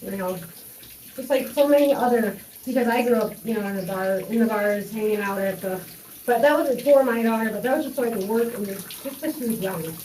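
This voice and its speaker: A woman's voice: a little high, brisk, mellow, recorded from a distance, a little hiss or hum. A young woman telling a personal story in a rambling way, with many fillers and restarts. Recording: echoey room, voice off-mic, faint running water.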